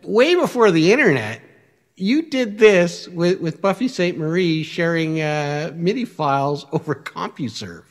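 A man hosts a relaxed interview, jumping in with eager agreement and questions. His voice sits a bit high and swings around a lot in pitch. The sound carries a long reverb tail, as if he is in a hard, open room. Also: unhurried. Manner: eager, lots of "yeah" backchannel. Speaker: interview host. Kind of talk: casual interview chat.

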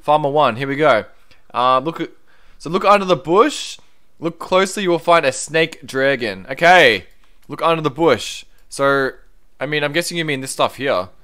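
A young man streaming a game, chatting casually, reading viewer comments aloud and breaking into excited exclamations. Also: a little high, normal speed, clean tone. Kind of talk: live-stream gameplay commentary.

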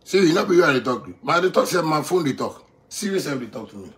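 A man in his thirties rants with swagger in Ghanaian Pidgin English, and his voice sits fairly high. He hammers his points by repeating phrases. He drops to near-mutters, then climbs back to loud boasts. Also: sing-song, quick pace, a little hiss or hum. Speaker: musician addressing critics. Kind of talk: boastful off-the-cuff rant.

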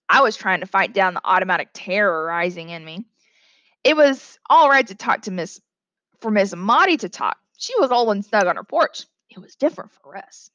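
Lively woman teacher reading aloud. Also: normal speed, no echo, dull audio. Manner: reads dialogue with lively pitch jumps, stops to explain. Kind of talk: classroom read-aloud with commentary.

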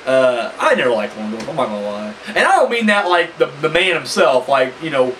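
A man's voice: medium pitch, a little fast, distant mic, a little hiss or hum, poor audio. A man giving a casual, rambling spoken review of a wrestling match, swearing freely and piling up fillers. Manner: animated, profane and rambling, full of fillers.

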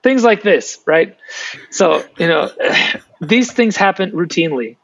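Man, animated storytelling, slightly high voice, dull dry video-call sound. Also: measured pace, dry recording. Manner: animated storyteller, restarts often. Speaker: author and guest. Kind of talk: storytelling interview answers.

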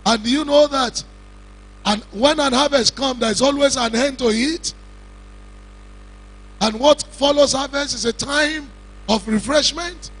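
Nigerian preacher guy, really high pitched, husky, slow emphatic funeral sermon with shouty bits. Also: poor audio. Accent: Nigerian, Yoruba-speaking. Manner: slow emphatic preaching with rising shouts and call-and-response questions. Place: large cathedral.

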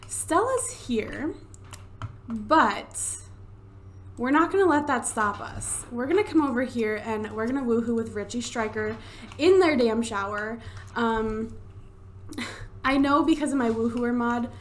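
A young woman with a slightly high voice chats her way through a life-sim game, excitable and quick to swear. She talks into a desktop microphone at home, with faint keyboard tapping behind her. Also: a little hiss or hum. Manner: chatty, excitable, swears casually. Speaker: let's play gamer. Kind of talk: casual gameplay commentary. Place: home room. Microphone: desktop USB microphone.

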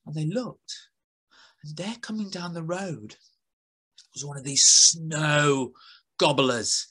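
A woman's voice: sits low, a little slow, long pauses, fairly bright tone, slightly rough. A woman telling a playful story to children at a school assembly, adding sound effects.

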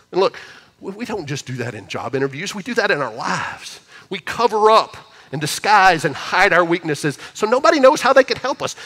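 A man preaching a sermon as a pastor, talking in a conversational way and reading scripture with emphatic swings between loud and soft. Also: on the high side, big-room sound. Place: church auditorium.

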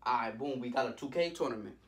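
A young man telling a storytime vlog in an animated, slangy way, jumping into loud voices for the people in it. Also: mid-range voice, fast talker, recorded from a distance. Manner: jumps into loud character voices. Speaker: vlogger.

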